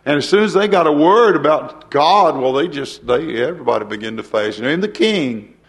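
An older man with a drawl delivers a homespun sermon. His voice sits slightly high for a man, and he chuckles and asks the congregation rhetorical questions. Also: animated, fairly quick. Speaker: preacher. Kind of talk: folksy sermon.

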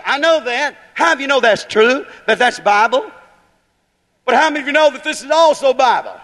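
High-voiced preacher in a reverberant hall. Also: male voice, fairly quick, a bit bright. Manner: preaches in rising, emphatic bursts, with rhetorical questions. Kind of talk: fiery holiness sermon.

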